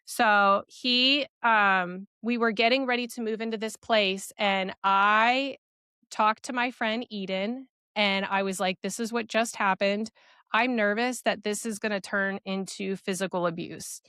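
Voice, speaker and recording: A young woman recounting a personal story as a podcast guest, earnest and quick, with many fillers. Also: medium pitch, steady tone, sharp tone, smooth, no echo, clean studio sound.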